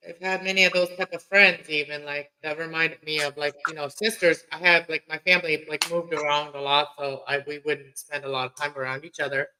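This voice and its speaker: A man who grew up in Mexico, hosting a casual late-night stream chat, talkative and quick to laugh. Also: on the high side, level tone, sharp tone, smooth, poor audio. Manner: chatty, laughs easily, drifts between topics.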